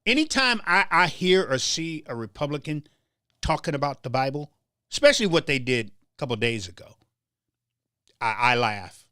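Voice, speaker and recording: A man's voice: fairly high pitch, expressive, moderate pace, bright, forceful tone, smooth, no room sound, studio quality. A man hosting a political talk show, delivering a heated commentary monologue with stammered restarts and a preacher-like rhythm. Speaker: show host.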